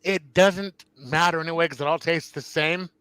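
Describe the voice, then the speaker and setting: A man's voice: a little high, normal speed, sharp tone, clear, resonant tone, no echo, rough recording. A man chatting casually on a comics livestream, rambling through stories with lots of fillers and banter.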